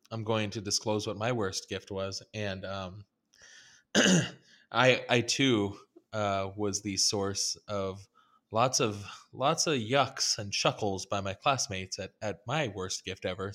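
Low, bright-voiced man with dry humor. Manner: wry, deliberate, dry humor, asks leading questions. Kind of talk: casual storytelling chat.

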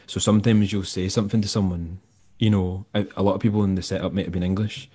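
Low, mellow Scottish man telling stories. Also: fairly even intonation, quick pace, slightly rough. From Scotland. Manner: rambling, laid-back, acts out quoted dialogue. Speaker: podcast guest, musician and tour manager. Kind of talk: casual storytelling interview.

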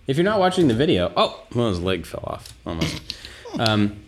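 A man's voice: medium pitch, big pitch swings, normal speed. A man hosting a casual chat in a laid-back, self-deprecating way. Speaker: podcast host.

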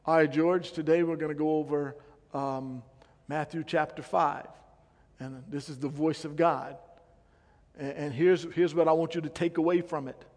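Booming, solemn voice of God as a preacher puts it on, drawn out and loud, high for a man, ringing in a reverberant hall. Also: steady tone, close to an everyday voice. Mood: casual fatherly. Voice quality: loud, slow, drawn-out delivery.

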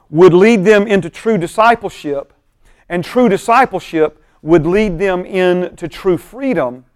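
A high-voiced male pastor leads a Bible study class with animated energy, often pausing to ask his listeners if they follow. The sound is close and dry, with no room echo. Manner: animated, keeps checking in with the class.

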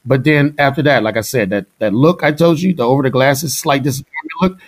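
A middle-aged man from Houston, a drummer, telling stories in a casual interview. He talks in an animated way, laughs often and imitates the people he quotes. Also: mid-range voice, fairly quick. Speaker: guest musician, drummer.

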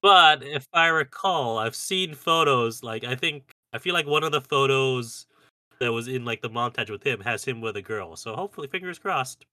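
A man co-hosting a podcast, chatting in a relaxed way and laughing often. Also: medium pitch, normal speed, no echo. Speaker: podcast co-host. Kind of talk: casual chat.

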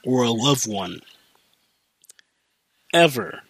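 A man's voice: mid-range voice, animated, drawn-out words, fairly bright tone, husky, no room sound. Casual, rambling podcast man. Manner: rambling, profane, lots of fillers and restarts. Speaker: podcast host. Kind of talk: casual storytelling chat.

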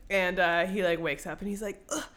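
A woman casually recapping a book for her co-host, bright and clear in tone. She swears freely, laughs often and acts out the characters. She sounds a little tipsy from wine. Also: on the low side, steady tone, brisk. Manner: giggly, swears freely, acts out scenes with exaggerated voices. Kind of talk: casual chat.

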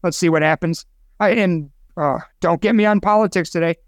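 A man's voice: sits high, a little fast, dry recording, studio quality. A man co-hosting a casual podcast chat, opinionated and rambling, getting himself worked up. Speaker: co-host.

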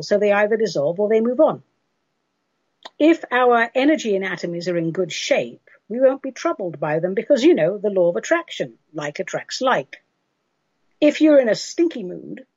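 Animated, husky woman radio host. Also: medium pitch, no room sound. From England. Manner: animated, emphatic, chatty. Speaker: radio host and spiritual advisor. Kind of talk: casual radio talk answering listener questions. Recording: dull lo-fi radio recording.

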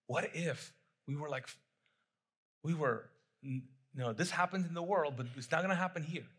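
A man's voice: fairly high pitch, moderate pace, a bit bright, husky. A middle-aged man preaching a sermon as pastor, talking conversationally, repeating phrases and putting questions to the congregation.

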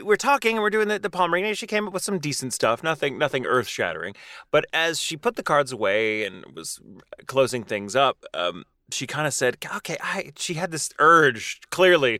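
Male podcast co-host, animated storyteller with bright, forward tone. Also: medium pitch, no room sound, studio quality. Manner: animated, laughs often, quick asides. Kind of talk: casual chat. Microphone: studio mic with pop guard.

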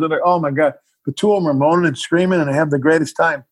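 A man's voice: on the high side, fairly even intonation, fast talker, breathy edge. A middle-aged man, a filmmaker guest in a casual interview, telling a story animatedly and acting out the scenes.

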